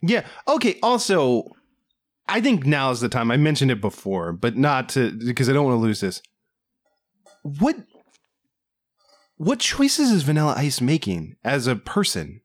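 A man co-hosting a casual movie review podcast, riffing with animated disbelief. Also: medium pitch, unhurried, long pauses. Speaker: podcast co-host.

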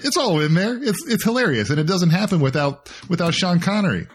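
A man's voice: high-pitched, animated, brisk, few pauses, breathy edge. A man co-hosting a podcast in casual chat, joking and laughing often. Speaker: podcast co-host.

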